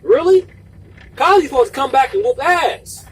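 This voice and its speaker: A man delivering an impassioned, profane video monologue, repeating himself for emphasis and sometimes shouting. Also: very high voice, animated, normal speed, recorded from a distance, noisy background. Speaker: video blogger.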